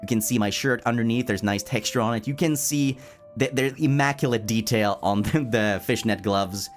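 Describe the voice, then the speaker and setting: A man chatting casually on a livestream, playful and animated, reading chat aloud and answering it, laughing often and tripping over words when excited. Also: mid-range voice, moderate pace, soft background music. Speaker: streamer.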